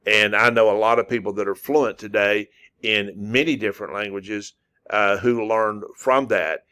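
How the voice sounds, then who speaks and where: A man teaching a casual spoken lesson as a non-native speaker. He repeats syllables slowly and uses many fillers. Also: lowish voice, fairly even intonation, pushed and bright, clean tone. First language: English. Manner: repetitive, drawn-out demonstrations of syllables with frequent fillers. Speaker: language teacher.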